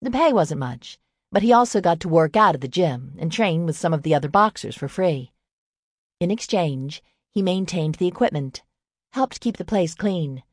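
Her voice sits low as she reads a novel aloud, delivering the scripted audiobook narration with steady, measured storytelling. The sound is clean studio audio with a dry quality.

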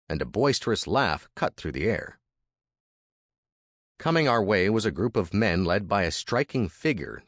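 Man, deep voice, expressive audiobook narration, dry sound. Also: no room sound. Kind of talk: first-person audiobook narration.

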